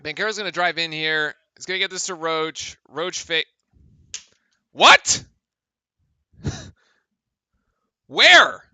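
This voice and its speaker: A man's voice: fairly high pitch, steady tone, a little fast, few pauses, sharp tone, clear, resonant tone, dry recording. A young man streaming live fan commentary on a game, incredulous and exasperated, often restarting his sentences. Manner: exasperated, incredulous, laughing at calls, rambling restarts. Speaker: streamer doing live play-by-play.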